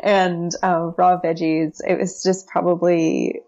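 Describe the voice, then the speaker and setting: Gravelly low-voiced woman chatting eagerly. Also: little pitch movement, slow pace, warm tone, dull audio. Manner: enthusiastic and chatty, with many fillers. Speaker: interview guest, brand strategist. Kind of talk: casual podcast conversation.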